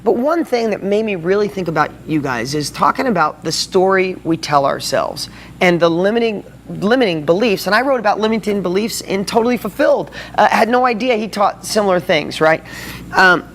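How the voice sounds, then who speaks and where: A man hosting a motivational video blog, talking to viewers in an excited, fired-up way. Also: sits high, brisk, a little hiss or hum.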